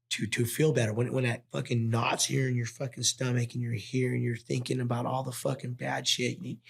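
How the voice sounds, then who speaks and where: A man's voice: mid-range voice, creaky. A man from Nevada, a wildland firefighter guest on a podcast, talking casually and emphatically, swearing often and acting out his own past thoughts. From Nevada, USA. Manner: emphatic, profane storytelling with quoted self-talk. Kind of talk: casual conversation.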